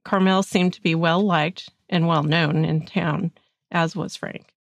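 Low-voiced woman with a gravelly edge. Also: fairly even intonation, no room sound, lo-fi sound. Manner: measured reading, agreeable in chat. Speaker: podcast co-host. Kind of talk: scripted true-crime narration and chat.

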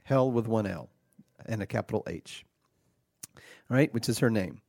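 A man's voice: on the low side, unhurried, creaky, a little mellow, no room sound, clean studio sound. A man playing a petty, aggrieved devil host. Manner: aggrieved, flustered, full of false starts. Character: petty, indignant devil hosting a podcast from hell. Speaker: podcast host.

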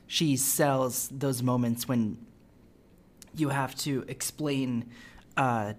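A woman talks through a film in a relaxed podcast chat. She restarts her sentences often and leans on fillers as she thinks aloud. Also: very deep voice, extremely slow, pauses often. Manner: hesitant, many fillers and restarts. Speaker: podcast co-host. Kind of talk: casual film discussion.

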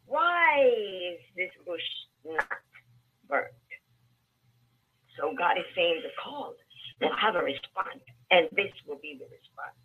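A woman's voice: fairly low pitch, sing-song, takes it slowly, pauses often, a bit bright, slightly rough, low-quality recording. A woman preacher delivering a sermon, emphatic and repetitive, calling out to the congregation for responses.

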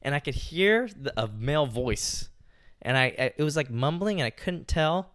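A man's voice: a little high, lively intonation, moderate pace, fairly bright tone, no echo, studio quality. A young man on a podcast telling a story in casual, rambling chat, swearing often and filling gaps with "like" and "you know". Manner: rambling, profane, heavy use of "like" and "you know". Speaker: podcast co-host.

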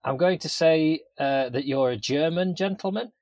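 A man's voice: on the high side, moderate pace, a little mellow, no echo. Dry teasing male podcast host. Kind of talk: casual podcast chat.

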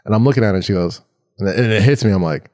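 A man in his thirties, co-hosting a podcast and telling a story in casual chat. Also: rapid-fire. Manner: animated storyteller, jumps into high voices for quotes. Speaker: podcast co-host.

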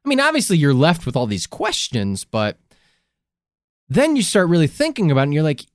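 A man's voice: fairly high pitch, wildly swooping pitch, a little fast, no room sound, studio quality. A man co-hosting a podcast in a casual, rambling, profane chat. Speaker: podcast co-host.

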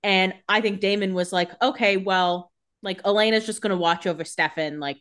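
A woman's voice: mid-range voice, normal speed, fairly bright tone. A young adult woman co-hosting a podcast, casually joking about a TV episode and quoting characters in a goofy way. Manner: chatty, jokey, quotes characters in a goofy way. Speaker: podcast co-host. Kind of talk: casual TV recap chat.

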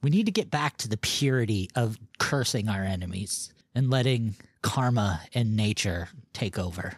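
A man's voice: on the low side, animated, moderate pace, breathy edge, no room sound, studio quality. A man co-hosting a comedy podcast, rambling and playful in casual banter. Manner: rambling, playful, laughs often. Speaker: podcast co-host.

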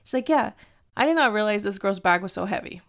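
A woman's voice: mid-range voice, fast. Mexican-american woman in her 30s, chatty podcast host telling a trip story, switches into spanish sometimes. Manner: chatty, animated, slips into Spanish. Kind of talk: casual storytelling chat.

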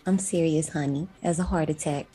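A woman from the Midwest US hosting a podcast in casual chat, playful and slangy, quick to laugh. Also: deep voice, steady tone, dark tone, husky, soft background music. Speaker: podcast host.

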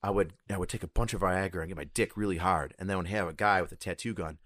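A man guesting on a podcast, trading crude jokes in casual banter, dropping to low mutters and then ranting loudly. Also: quick pace, dry recording, studio quality. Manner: swings from low mutters to loud excited rants.

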